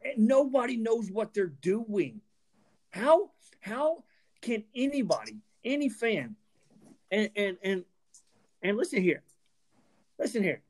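A man's voice: sits high, sing-song, slow, pauses often, darkish tone. A man co-hosts a podcast and vents in a heated rant. His voice jumps all over the place, and he keeps stammering and restarting as his anger builds. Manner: angry, emphatic, stammering restarts. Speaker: podcast co-host.

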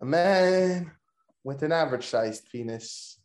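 A man hosting a podcast, joking loudly and swearing in crude, excitable banter. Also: fairly high pitch, unhurried, roomy sound. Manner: loud, joking, profane, excitable. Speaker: podcast host. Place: room recorded in person.

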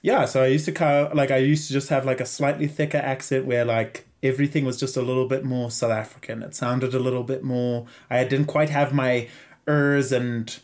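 Young man, Zimbabwean accent, casual storytelling, animated, podcast guest. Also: mid-range voice, normal speed. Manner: animated, laughs often, puts on voices for quoted people.

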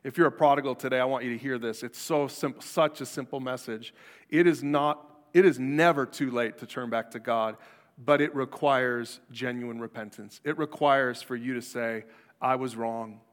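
A man's voice: mid-range voice, normal speed. A man preaching a sermon as pastor, in a conversational style that acts out the people he quotes. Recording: long hall reverb.

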